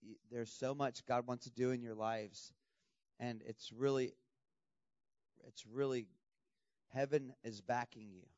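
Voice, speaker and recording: A man preaching a lively sermon to students, with laughs and sudden shouting bursts. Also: mid-range voice, unhurried, pauses often, no echo, highs cut off. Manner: animated, laughing, bursts into loud shouts when imitating. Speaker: pastor.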